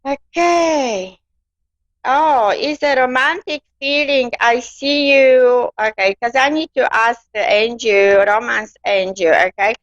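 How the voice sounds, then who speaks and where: A woman giving a gentle live-stream psychic reading, calling her listener darling. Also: on the high side, slow, dry recording. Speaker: psychic card reader. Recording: dull lo-fi dry sound.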